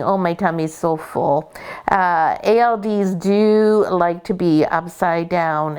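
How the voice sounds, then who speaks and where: A woman's voice: fairly low pitch, darkish tone, smooth. A woman breeder with a Canadian accent, talking through her puppies' names and care in a casual, explaining way. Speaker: dog breeder. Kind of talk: casual educational vlog.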